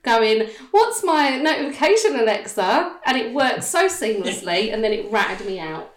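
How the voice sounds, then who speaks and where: High, lively woman, giggly. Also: moderate pace, echoey room. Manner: giggly, animated storytelling. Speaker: podcast host. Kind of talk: casual chat.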